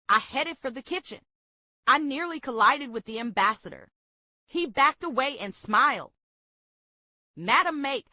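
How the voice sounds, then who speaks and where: A woman reading a memoir aloud for a book club, steady and measured. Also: on the high side, no echo.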